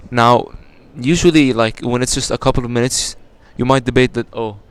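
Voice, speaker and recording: Smooth-voiced young man explaining earnestly. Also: mid-range voice, moderate pace. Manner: earnest, explanatory, builds emphasis. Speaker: podcast guest. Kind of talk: casual podcast answer.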